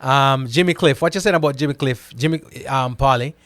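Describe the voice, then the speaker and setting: A man hosting a casual live stream. He reads out viewer comments and answers them in an animated way, often repeating himself and checking in with "right?". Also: mid-range voice, fairly quick, no room sound. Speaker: host reading live chat comments.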